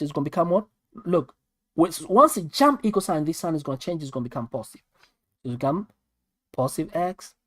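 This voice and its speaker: A South African man tutoring maths online in an animated, sing-song way, his pitch leaping up and down as he repeats each step. The sound is dry and close, with no room around his voice. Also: no echo. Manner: animated, repeats steps, talks straight to viewers. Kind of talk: live online maths lesson.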